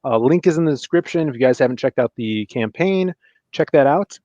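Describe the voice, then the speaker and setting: A man hosting a casual livestream, chatting with guests and plugging links to viewers in a relaxed way. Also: medium pitch, a little fast, no echo. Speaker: livestream host. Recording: dull, dry lo-fi mic sound.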